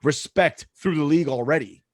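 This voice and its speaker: A man's voice: a little high, moderate pace, dry recording, clean studio sound. Emphatic storytelling podcast guy. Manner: storytelling, emphatic, swears freely. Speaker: podcast co-host; supervisor at work. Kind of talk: casual sports podcast chat.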